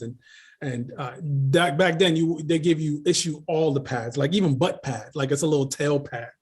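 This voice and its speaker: A middle-aged man, a leadership coach telling lively stories in an interview, laughing often and repeating phrases. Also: medium pitch. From Queens, New York. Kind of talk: casual storytelling interview.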